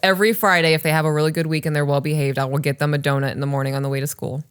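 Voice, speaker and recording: A woman in her thirties co-hosting a podcast, reading listener stories and chatting casually, animated and swearing freely. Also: low voice, very fast, clean tone. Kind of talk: casual chat and story reading.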